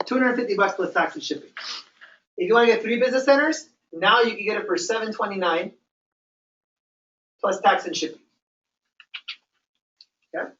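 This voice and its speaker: A male business trainer with a high, slightly bright voice gives a motivational talk to a live audience in a meeting room, speaking at normal speed with frequent pauses. His coaching is emphatic and repetitive, peppered with "okay?" check-ins. The distant mic makes the sound roomy and dull.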